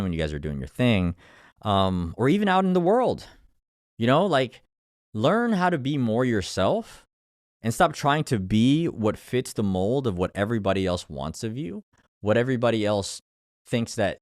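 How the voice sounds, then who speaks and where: Low-voiced man, candid and profane. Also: dry recording, clean studio sound. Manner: candid, swears freely, acts out his own inner thoughts; energy rises and falls between hushed and emphatic. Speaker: online coach and YouTuber. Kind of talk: casual motivational talk to camera.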